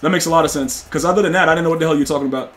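High-voiced trash-talking gaming streamer man. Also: very fast, soft background music. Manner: excitable, trash-talking, repeats "dude" and "bro"; bursts into loud shouting. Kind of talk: live gameplay commentary to chat.

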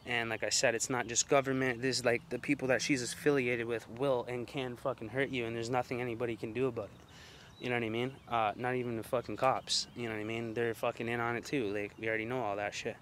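A man's voice: mid-range voice, flat delivery, quick pace, a bit bright, a little hiss or hum. A man ranting casually to camera outdoors, profane, rambling and confrontational, recorded on a handheld phone. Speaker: vlogger. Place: outdoors at night among mosquitoes.

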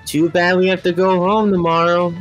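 A woman's voice: on the low side, flat delivery, normal speed, dull audio, faint music behind, lightly acted. A woman in a live fan dub voicing a cocky, goofy teenage boy, laid-back and jokey. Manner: laid-back and jokey, swears when rattled.

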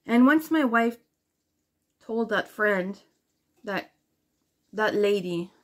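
A woman vlogging to camera, telling a story in a rambling, profane way, full of "like" fillers and animated indignation. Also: medium pitch, slow pace. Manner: animated and indignant while retelling.

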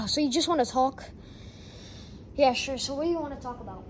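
A woman's voice: high-pitched, fairly quick, a little hiss or hum. A woman improvising a plushie skit, voicing every character and switching voices, often scolding.

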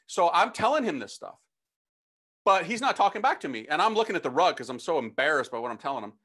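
A middle-aged man, a priest, telling his conversion story as a lively, slangy testimony talk and acting out the dialogue. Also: fairly high pitch, fast talker.

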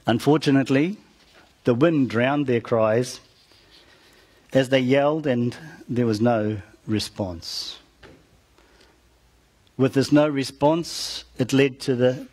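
A man preaching, retelling a Bible story with dramatic rises and soft, trailing ends, turning to the listeners with asides. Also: medium pitch. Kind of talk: storytelling sermon.

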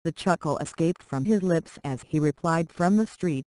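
Synthetic storyteller, steady mid-range delivery, dry close recording. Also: mid-range voice, normal speed, no room sound, low-quality recording. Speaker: narrator. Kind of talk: reading a short story aloud.

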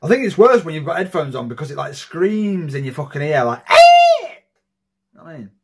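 A man in his thirties hosting a reaction video, talking in an excitable, heavily profane casual way. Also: a little high, fast, breathy edge. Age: 30s.

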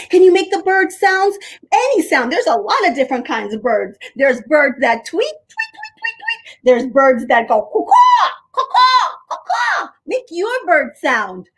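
Here a young woman guides small children through a creative drama warm-up in an animated, sing-song way, adding playful animal noises. The voice is high and a bit rough, and the audio is poor.

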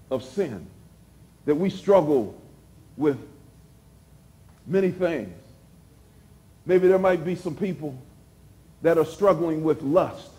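A man preaching a sermon as pastor, repeating phrases for emphasis and dropping suddenly to a hush. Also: a little high.

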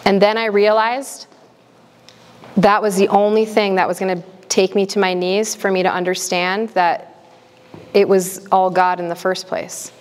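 A woman's voice: medium pitch, flat delivery. A woman in her thirties giving a candid talk and answering audience questions. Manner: earnest, candid, quick bursts. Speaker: guest speaker. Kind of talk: casual Q&A talk. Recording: long hall reverb.

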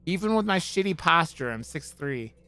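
A man's voice: a little high, animated, moderate pace, bright, forceful tone. A man streaming a horror game, joking with his chat and swearing as he plays. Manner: profane, joking, talks back to chat. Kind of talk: casual let's-play commentary.

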